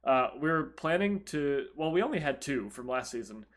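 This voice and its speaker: A young man co-hosting a casual podcast tells a story animatedly and profanely at a normal speed. His voice swings from loud outbursts to low mumbles.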